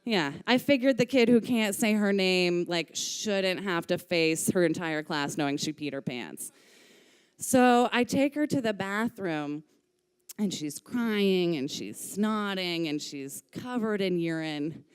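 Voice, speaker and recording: A woman telling a personal story live on stage into a microphone, candid and lively, swearing casually. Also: lowish voice, slow, clear, resonant tone. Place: stage of a live music venue.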